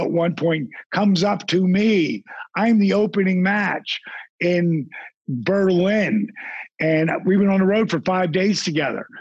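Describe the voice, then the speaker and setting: A man telling animated stories as a podcast guest, acting out the voices of the people in them. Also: high voice, breathy edge, dry recording, muffled recording. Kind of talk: casual storytelling.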